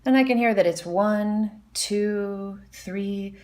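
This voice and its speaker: A woman with a mid-range, darkish voice teaches slowly at the piano in a relaxed lesson. She explains notation while humming, scatting, and singing melodies on "da."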